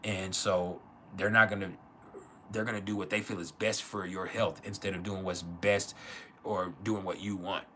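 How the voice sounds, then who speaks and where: Bright-voiced man telling a raw family story. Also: low voice, level tone, normal speed, a little hiss or hum. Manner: emotional, rambling, swears freely. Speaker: astrology livestream host. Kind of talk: candid personal storytelling.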